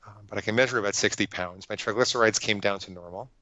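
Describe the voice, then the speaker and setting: A man's voice: on the low side, fast talker, pushed and bright, dry recording, lo-fi sound. A man, a psychologist guest on a podcast, telling his story in an earnest, emphatic way with frequent restarts. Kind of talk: conversational interview storytelling.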